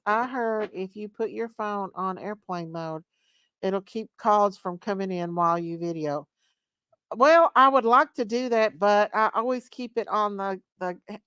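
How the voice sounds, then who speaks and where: A woman's voice: mid-range voice, fairly bright tone, clear, resonant tone, dry recording. A woman hosting a casual live stream, greeting viewers by name and gushing thanks to supporters.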